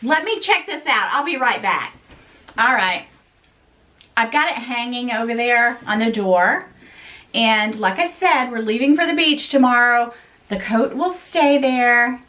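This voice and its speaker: A middle-aged woman chatting to camera during an unboxing, animated and exasperated, talking straight to her viewers. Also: on the high side, a little slow. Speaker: fashion vlogger. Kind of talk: casual unboxing chat to camera.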